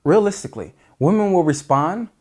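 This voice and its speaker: A man's voice: sits high, lively intonation, fairly quick, a little mellow. A man giving dating advice in an earnest, emphatic monologue, often restarting sentences. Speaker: dating coach.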